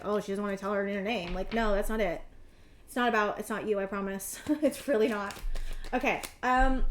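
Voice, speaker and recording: A woman in her thirties with a fairly high voice gives a pick-a-card tarot reading, speaking directly to the viewer. She rambles, speaks emphatically, and swears freely, with slight background noise.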